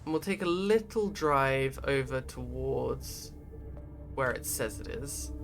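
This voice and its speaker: A man's voice: mid-range voice, animated, takes it slowly, vocal fry. A man giving rambling, casual commentary while streaming a game and reading out chat messages. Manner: chatty, rambling, reads chat aloud. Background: game music.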